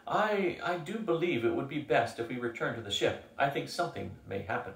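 A man's voice: medium pitch, lively intonation, a little fast, vocal fry, pitched above the performer's own voice. A man reading aloud, voicing a fussy, scholarly male scientist who speaks precisely and hesitantly. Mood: nervous. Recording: echoey room, from a distance.

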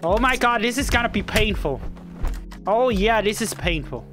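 Excitable woman narrating gameplay, lively pitch. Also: moderate pace, soft background music. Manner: excitable, yelling at game characters, frequent laughter. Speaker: gaming YouTuber. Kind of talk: casual gameplay commentary.

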